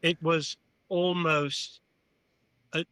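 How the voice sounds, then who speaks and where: An older man from England, a podcast guest, telling animated anecdotes and often saying "you know". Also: fairly high pitch, extremely slow, smooth, no room sound, poor audio. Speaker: podcast guest, former club chairman. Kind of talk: storytelling in an interview.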